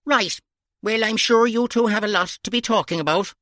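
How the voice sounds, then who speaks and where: A woman playing a brisk older nun who gives motherly commands. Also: medium pitch, fairly bright tone, no echo, studio quality, lightly acted. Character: brisk older Irish nun, bossy but kind.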